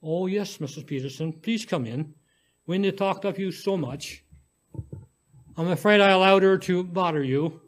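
A man reading the lines of a drawn, grieving young mother in a soft, subdued, apologetic way. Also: high-pitched, normal speed, natural voice.

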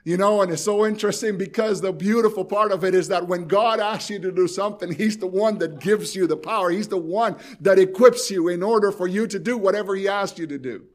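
A man's voice: sits high, a little fast, hardly any pauses. A man preaching a sermon, speaking with pleading intensity and addressing his listeners directly, repeating phrases for emphasis. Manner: pleading, rising and falling in intensity.

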